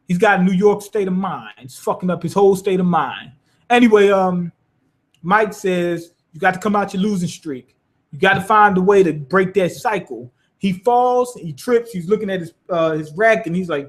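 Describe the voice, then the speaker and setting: A man with a notably high voice talks through an anime episode in an off-the-cuff review. His speech is loose and profane. He keeps showing what he means as he explains it. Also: moderate pace. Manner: loose and profane, demonstrating with gestures. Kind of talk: casual spoken episode review.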